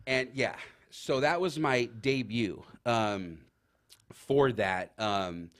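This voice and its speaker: A man telling rambling, animated anecdotes in casual chat as a talk show guest, full of fillers. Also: mid-range voice, takes it slowly. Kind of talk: casual storytelling.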